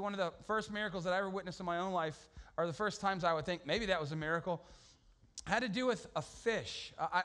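A man preaching a sermon as an animated, humorous story, full of slang and sudden shouted outbursts. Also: sits high. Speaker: pastor.

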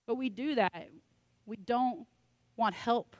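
A woman's voice: fairly high pitch, slow pace, darkish tone, no echo. A woman pastor preaching a sermon in a conversational, joking way, with self-deprecating asides.

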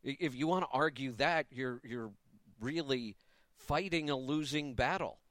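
A man's voice: a little high, a bit bright, no room sound, studio quality. Emphatic opinionated radio host man. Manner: opinionated, emphatic, a touch sarcastic. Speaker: radio talk show host. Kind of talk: live talk radio monologue.

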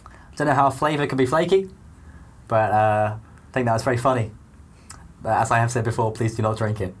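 A man's voice: mid-range voice, a little fast, natural voice. A man doing a loose celebrity impression in comedy improv, a rambling, hesitant, self-promoting beer seller. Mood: boastful. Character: man's mock film-star impression, pushy beer seller.

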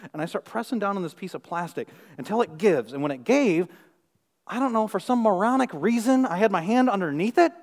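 A man in his thirties preaches at a rapid clip, his voice sitting a little high. He tells his story with animated, self-mocking humor, acting out the quotes. A long reverb trails his words through a large hall. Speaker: pastor. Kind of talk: storytelling sermon.

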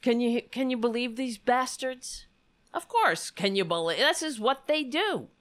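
Sarcastic angry lady ranting on her politics show, kinda high voice, swears a lot. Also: measured pace, fairly bright tone. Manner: indignant, sarcastic, swears freely. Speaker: political commentary host. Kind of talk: heated political commentary monologue.

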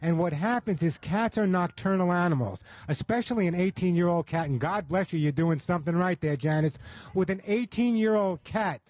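A man's voice: sits high, normal speed, a little mellow, dry recording. A man hosting a radio call-in show, giving advice in a chatty, folksy way and often repeating his words.

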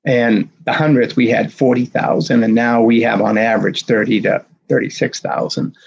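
Man in his 60s, lively storyteller, husky voice, dull lo-fi video call sound. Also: mid-range voice, normal speed. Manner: animated storyteller, acting out dialogue. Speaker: marathon race director, guest. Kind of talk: storytelling interview.

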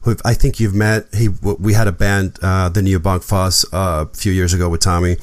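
A man's voice: deep voice, flat delivery, moderate pace, no echo. A man hosting a podcast, telling a personal story in casual chat, acting out quotes and swearing freely. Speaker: podcast host.

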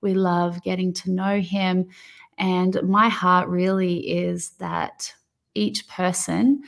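Australian woman co-host, lowish gravelly voice, heartfelt faith podcast chat. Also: little pitch movement, slow.

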